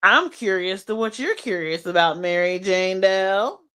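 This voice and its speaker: A woman's voice: medium pitch, unhurried, a bit bright, clean tone. A woman live-streaming from her phone while lying in bed, chatting casually and in slang, reading her chat aloud and laughing often. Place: her bed under blankets.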